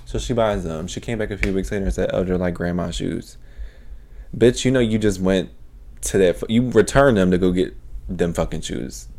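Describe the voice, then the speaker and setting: A young man hosting a podcast, telling a story as a casual, animated rant full of profanity. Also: low-pitched, a little fast. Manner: profane, animated, swears constantly. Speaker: podcast host.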